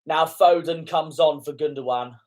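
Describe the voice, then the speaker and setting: A young fan commentator reacts live to a football match at a moderate pace, his voice on the high side and a little mellow. He often gets indignant and swears at the referee's calls.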